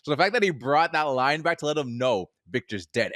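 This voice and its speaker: A man's voice: mid-range voice, very animated, fairly quick, fairly bright tone, no echo, studio quality. A man co-hosting a film podcast in casual chat, laughing often and acting out lines from scenes. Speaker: podcast co-host.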